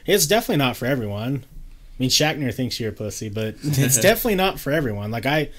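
A man's voice: medium pitch, big pitch swings, quick pace. Laid-back man laughing through stories. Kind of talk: casual chat.

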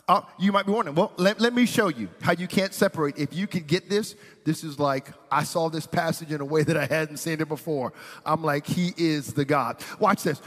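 A male pastor preaches with animated storytelling and slips into the voices of the people in his stories. His voice sits high for a man. The sound carries a long reverb from a large hall. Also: a little fast. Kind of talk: sermon.

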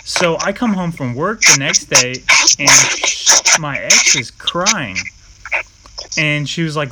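A young man chatting casually, an animated storyteller who swears freely, with background hiss on the recording. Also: on the high side, measured pace. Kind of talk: casual chat.

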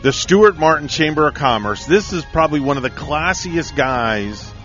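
A man's voice: a little high, animated, moderate pace, a bit bright, highs cut off, faint music behind. A man hosting a morning radio show, chatting casually and jokingly plugging local business.

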